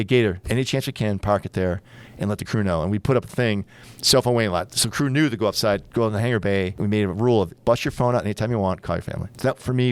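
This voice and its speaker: Deep-voiced older man recounting command. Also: smooth. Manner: candid, storytelling with quoted dialogue. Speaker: former aircraft carrier captain, guest. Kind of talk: storytelling interview.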